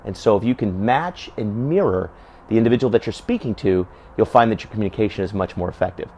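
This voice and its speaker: A man's voice: lowish voice, animated, fast talker, dark tone, highs cut off, a little hiss or hum. A man giving casual advice to camera, talking conversationally and asking lots of rhetorical questions. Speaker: self-help video host.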